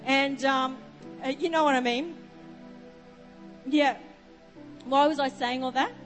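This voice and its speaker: An Australian woman preaching from the front with a high voice, telling a story and wandering off into asides. Her words ring out in a long, echoing reverb with soft music underneath. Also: steady tone, slow. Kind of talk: sermon.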